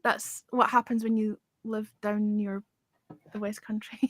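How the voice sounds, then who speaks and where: A woman's voice: medium pitch, little pitch movement, a little slow, no room sound. A woman hosting a music review livestream in casual chat, chatty and muttering to herself as she searches for things.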